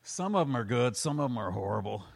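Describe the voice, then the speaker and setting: A man in casual chat, telling stand-up comedy road stories with animated delivery. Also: medium pitch, quick pace, gravelly. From United States. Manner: animated storyteller, acts out loud quoted yelling.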